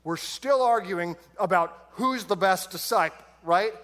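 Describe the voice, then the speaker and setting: A man's voice: high voice, unhurried, fairly bright tone. A man preaching a sermon, telling the story with humor and playful put-on voices for the characters. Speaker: pastor.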